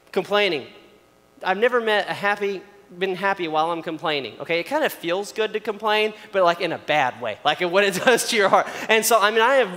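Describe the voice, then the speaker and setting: Young male preacher, higher register, chatty delivery, recorded with a long echo. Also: a bit bright. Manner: casual and conversational, acts out quoted complaints. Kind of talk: sermon. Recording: long hall reverb.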